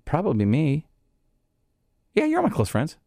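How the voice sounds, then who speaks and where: A man's voice: a little high, moderate pace. A young adult man, a podcast co-host, telling a funny story in casual chat. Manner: animated storyteller, acts out voices.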